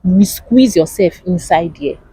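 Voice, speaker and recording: A young woman with a Nigerian accent, chatting casually to camera in an animated way and asking rhetorical questions. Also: lowish voice, moderate pace, slightly rough, dry recording, rough recording. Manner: animated, asks rhetorical questions, laughs often. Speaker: vlogger.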